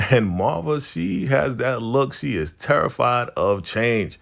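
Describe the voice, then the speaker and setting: A man hosting a TV episode recap, retelling the story casually with slang and lively asides. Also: medium pitch, slow, vocal fry, few pauses. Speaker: TV recap channel host.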